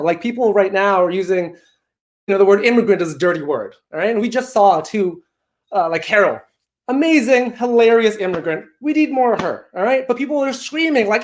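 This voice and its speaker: A young Canadian man doing a self-mocking, animated stand-up set from his home during lockdown. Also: high-pitched. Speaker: stand-up comedian.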